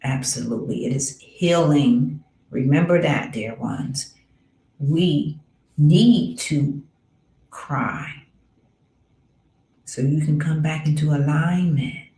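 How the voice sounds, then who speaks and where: A woman with a low voice hosts a healing podcast, talking slowly and earnestly. She repeats her points for weight, calls listeners dear ones and sometimes sinks into a whisper. The sound is roomy and echoey. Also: gravelly. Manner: drops to soft whispers on key words. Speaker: podcast host, spiritual healer. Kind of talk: slow, earnest spiritual talk.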